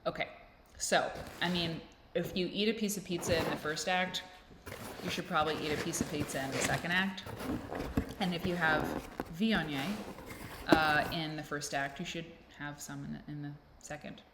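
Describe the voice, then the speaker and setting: Low-pitched female vlogger, rambling and self-mocking, recorded in a reverberant room. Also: fairly even intonation, normal speed. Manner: rambling, self-deprecating, playful. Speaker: vlog host. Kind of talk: casual chat to camera. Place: indoors at home with a fan blowing. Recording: echoey room with faint noise.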